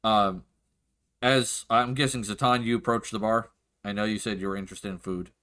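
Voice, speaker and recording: A man narrates a fantasy tabletop game as game master. He describes scenes in a loose, rambling way full of fillers, and his voice is bright and forceful. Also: lowish voice, steady tone, normal speed.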